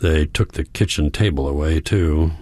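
A man with a very low voice reads a first-person novel aloud, calm and measured. His narration stays reflective throughout. The sound is dry and close to the mic. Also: no room sound. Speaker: audiobook narrator.

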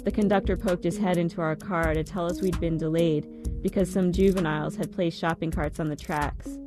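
A woman narrating a first-person story in a measured, reflective manner. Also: lowish voice, dark tone. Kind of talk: audiobook narration.

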